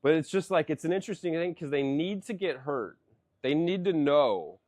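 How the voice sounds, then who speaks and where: A man's voice: fairly high pitch, animated, normal speed, darkish tone, no room sound, clean studio sound. A man in his thirties in casual podcast chat, a rambling storyteller who swears a lot and keeps saying "dude".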